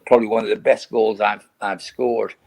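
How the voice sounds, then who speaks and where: A man's voice: fairly low pitch, level tone, a little fast, creaky, a little mellow. An older man, a retired footballer, chatting as a podcast guest and telling rambling, laughing anecdotes with many restarts. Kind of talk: casual podcast chat.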